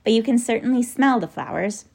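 A woman voicing a kindly, eccentric old male professor who coaxes and explains gently in a storybook reading, with a gravelly edge. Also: a little high, brisk, voice pushed up. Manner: gentle, coaxing, excitable.

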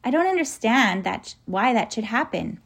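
A woman's voice: a little high, big pitch swings, moderate pace, gravelly, voice pushed up, full character voice. A woman voicing a courteous young boy who sounds amazed, in a storybook reading. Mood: polite. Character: polite wondering young boy.

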